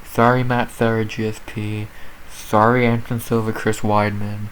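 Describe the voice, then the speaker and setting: Low-voiced woman ranting in disbelief. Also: little pitch movement, normal speed, slight background noise, poor audio. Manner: incredulous, profane, exasperated. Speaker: MMA commentator. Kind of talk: sports recap rant.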